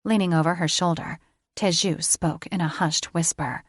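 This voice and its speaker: A woman narrating a fantasy audiobook in a measured, unhurried storytelling manner. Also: on the low side, fairly even intonation, no echo, clean studio sound.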